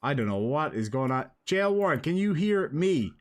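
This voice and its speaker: A man's voice: on the high side, big pitch swings, normal speed. A man with an Irish accent hosting a casual live stream, chatting and joking with his guest and viewers.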